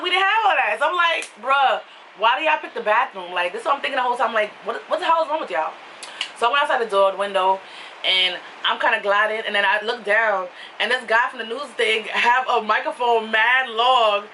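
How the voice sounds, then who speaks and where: Animated bright-voiced young woman vlogger. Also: distant mic, slight background noise, poor audio. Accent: New York. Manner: animated, laughing, swings into high excited quoted voices. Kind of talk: casual storytelling to camera.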